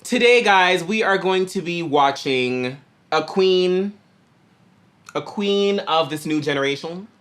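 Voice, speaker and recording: A man in a pop group hosting a reaction video, chatting casually in a slangy, animated way. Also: high-pitched, slow. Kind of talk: casual chat.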